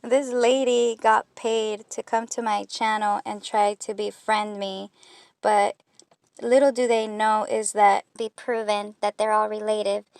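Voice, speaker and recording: Gravelly, monotone woman ranting on camera. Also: medium pitch. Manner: accusatory, rambling and scornful. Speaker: YouTube commentator. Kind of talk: reaction video commentary.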